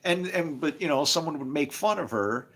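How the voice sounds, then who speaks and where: A man's voice: a little high, animated, moderate pace, fairly bright tone. A man talking casually on a live stream, rambling from story to story and chuckling often, with preachy asides. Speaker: livestreamer.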